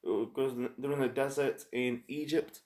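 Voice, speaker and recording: A man casually reviewing a TV episode, rambling and halting with lots of fillers and restarts. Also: medium pitch, fairly even intonation, darkish tone. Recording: echoey room.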